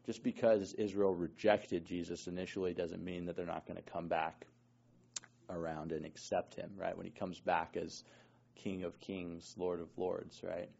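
A man's voice: deep voice, level tone, normal speed, gravelly, warm tone, husky, muffled recording. A man preaching a conversational sermon to a congregation, often checking in with 'right?' as he explains scripture.

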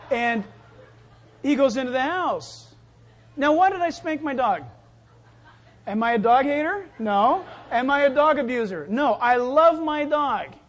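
A man preaching a sermon, telling stories in a loose, chatty way and acting out the voices in them. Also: very high voice. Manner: conversational storytelling with acted-out voices. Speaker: pastor.

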